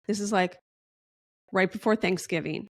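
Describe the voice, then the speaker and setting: A woman's voice: mid-range voice, moderate pace. A woman guest in a casual podcast interview, telling a long story in a chatty, rambling way and acting out the dialogue.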